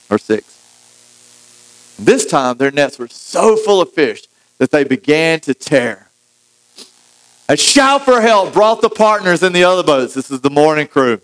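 A man's voice: fairly high pitch, sing-song, unhurried, long pauses, low-quality recording. Conversational, joking male preacher. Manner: conversational, jokey asides, frequent restarts. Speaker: pastor. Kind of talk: sermon.

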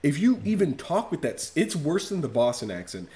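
A man's voice: on the high side, big pitch swings, fairly quick, dark tone. A man in casual podcast chat, ranting in a profane, mock-outraged way.

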